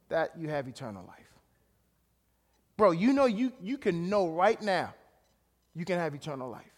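A man preaching a sermon, casual and direct, dropping to low asides and rising to shouted emphasis. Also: big pitch swings, normal speed, pauses often. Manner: casual, calls out to listeners. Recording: long hall reverb.

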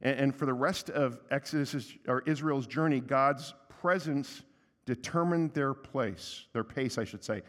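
A man preaching a sermon as pastor, conversational and emphatic, with a humorous aside and a softer voice when he prays. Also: unhurried. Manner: softer and lower for prayer. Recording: long reverb of a church hall.

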